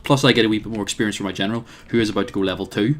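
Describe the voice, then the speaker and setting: Slightly low-voiced man musing over a game. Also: very fast, fairly bright tone, faint music behind. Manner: thinks aloud, hesitant with frequent fillers, wry. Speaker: let's play host. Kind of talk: casual strategy game commentary.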